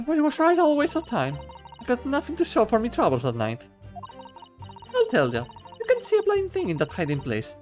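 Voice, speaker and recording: A man's voice: extremely high pitch, wildly swooping pitch, moderate pace, soft background music, voice pushed up, heavily acted. A man voicing a brash young female London pickpocket, with a put-on Cockney accent and dropped H's. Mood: grumbling.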